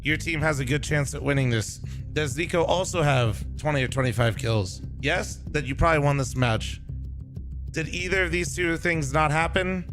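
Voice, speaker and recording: A man's voice: fairly high pitch, normal speed. A man streaming, chatting casually to his viewers while watching a broadcast. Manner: chatty, talks over the broadcast to chat. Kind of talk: casual livestream chat. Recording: faint music behind the voice.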